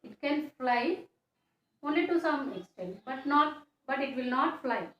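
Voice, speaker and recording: Woman teacher, high voice, slow repetitive classroom delivery, echoey room. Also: lively intonation, highs cut off. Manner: slow, repetitive explaining with question tags. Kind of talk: classroom science lesson. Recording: echoey room, faint background noise.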